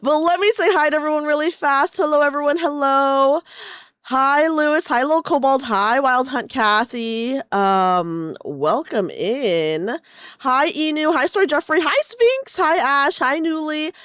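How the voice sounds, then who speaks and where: A woman's voice: high-pitched, measured pace, a bit bright, no room sound, studio quality. A young woman live-streaming, chatting casually and greeting viewers by name. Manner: bubbly, greets chat by name.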